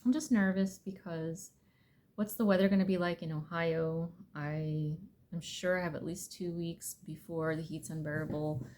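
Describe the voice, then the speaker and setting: Filming a casual van-life vlog in her camper, a woman chats candidly to herself about a road trip and cleaning. She has a deep, slightly mellow voice with a steady tone and normal speed.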